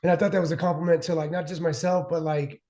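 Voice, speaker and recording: A man in his forties, a former pitcher who is a guest on a show, telling long stories in a rambling way with many restarts and fillers. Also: flat delivery, fast, mellow. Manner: rambling, restarts a lot, heavy "like". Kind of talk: casual storytelling chat. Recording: roomy echo.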